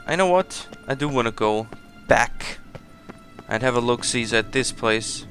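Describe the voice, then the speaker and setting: Male gameplay commentator, bright and a touch high, chatty and self-mocking, soft game music behind. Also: animated, unhurried. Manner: chatty, rambling, laughs at himself. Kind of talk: casual let's play commentary.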